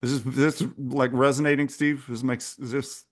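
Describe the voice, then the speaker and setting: A man's voice: medium pitch, level tone, normal speed. A man speaking as a guest in an interview, intense and emphatic, with a preacher-like drive. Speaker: podcast guest, coach. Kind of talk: candid interview talk.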